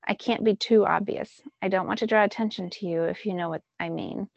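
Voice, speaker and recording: Storybook reading: a brash, impatient male sea god, as a woman reader puts him on, with a gravelly edge and a dull, dry sound. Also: mid-range voice, fairly even intonation, brisk, no room sound. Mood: cocky.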